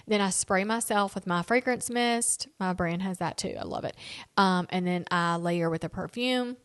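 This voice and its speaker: A woman's voice: fairly low pitch, normal speed, a bit bright, smooth. A woman in her late thirties hosting a solo podcast, chatting candidly and directly to her listeners in a casual, homey way. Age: 30s. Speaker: podcast host. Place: home lounge.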